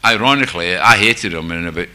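Speaking quickly in a low, pushed, bright voice, this older Glaswegian-accented Scot shares his recovery story with a group. It's a frank personal testimony, laced with dry, self-deprecating jokes.

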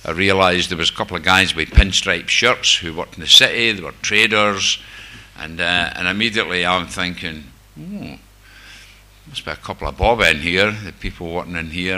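Low-voiced Scottish man telling his story. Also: normal speed, pushed and bright. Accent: Scottish, Glasgow area. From Scotland, near Glasgow. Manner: candid, self-mocking storytelling with wry humor. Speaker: speaker sharing recovery story. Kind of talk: personal testimony to a group.

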